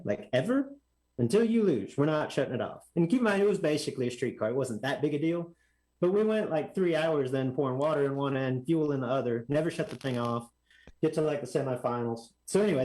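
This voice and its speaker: A man telling a story as a podcast guest, animated and acting out other people's lines in a raised voice. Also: medium pitch, a little fast, poor audio. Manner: animated, acts out quotes in raised voice. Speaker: guest drag racer. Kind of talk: casual storytelling.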